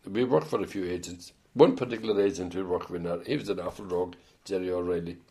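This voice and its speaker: A man's voice: deep voice, fast talker, dark tone. An older man with an Irish accent telling rambling stories in an oral history interview, full of hesitant restarts. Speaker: interviewee, former band musician.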